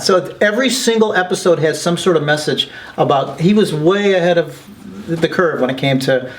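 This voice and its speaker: Animated storytelling man, higher voice. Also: moderate pace. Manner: excited, quotes people in lively voices. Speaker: documentary filmmaker guest.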